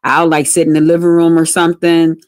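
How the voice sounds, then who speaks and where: A woman's voice: sits low, little pitch movement, brisk, darkish tone. A woman telling a personal story to her livestream viewers in casual, frank talk, cursing freely and speaking straight to the audience. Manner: candid, profane, addresses viewers directly. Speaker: livestream host.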